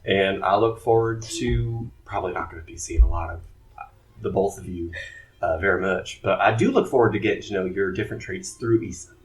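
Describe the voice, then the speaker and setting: A man's voice: deep voice, fairly quick, low-quality recording. A man playing a tabletop role-playing game, speaking in playful, flirty in-character banter. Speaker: player. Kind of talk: improvised tabletop role-play. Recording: faint music behind.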